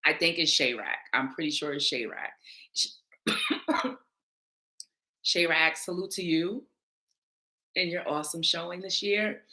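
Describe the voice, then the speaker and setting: Blunt woman panelist with a low, punchy voice; casual commentary, curses freely. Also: animated, a little slow, pauses often, sharp tone. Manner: blunt, emphatic, swears freely. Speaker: battle rap panelist responding to viewer comments.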